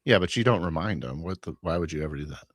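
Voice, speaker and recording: A man with a very deep voice that swings widely in pitch, joking bluntly with a co-host. His sound is dry and close. He drops wry one-liners in a loose chat. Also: animated, quick pace, no room sound. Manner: blunt, jokey. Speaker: podcast co-host and game master. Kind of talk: casual chat reacting to a video.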